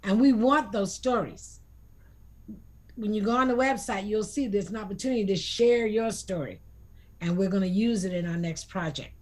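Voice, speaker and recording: A woman's voice: medium pitch, normal speed, a little mellow. A woman co-hosting a talk show, chatting casually and encouraging viewers. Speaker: co-host.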